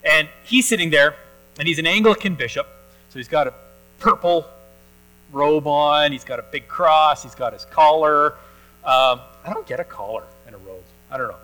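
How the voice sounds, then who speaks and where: Male pastor, bright slightly high voice, folksy conversational sermon with plenty of fillers. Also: moderate pace, soft background music, poor audio. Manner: conversational storytelling, with many fillers and restarts. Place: church.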